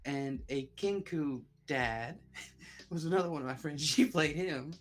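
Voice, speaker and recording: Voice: medium pitch, unhurried, faint music behind. A podcast co-host in a casual chat, rambling and laughing often. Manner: giggly and rambling.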